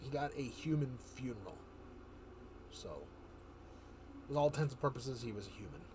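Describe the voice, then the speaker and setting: A man's voice: medium pitch, moderate pace, noisy background. A man streaming live, telling a rambling story in casual chat, often chuckling and restarting his sentences.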